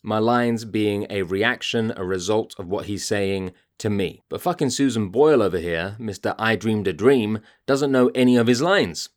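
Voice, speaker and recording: A man's voice: fairly low pitch, moderate pace, few pauses. A man hosting a podcast, ranting in an exasperated, profane monologue. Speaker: podcast host.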